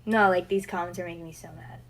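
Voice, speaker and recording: A young woman on a livestream who speaks haltingly, frustrated and losing her train of thought. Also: lowish voice, steady tone, vocal fry, heavy background noise. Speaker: livestream co-host. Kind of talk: emotional livestream talk.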